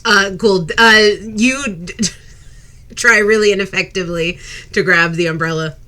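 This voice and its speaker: Slow, bright-voiced woman game master. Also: medium pitch, fairly even intonation. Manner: halting, lots of fillers. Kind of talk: narrating a tabletop game.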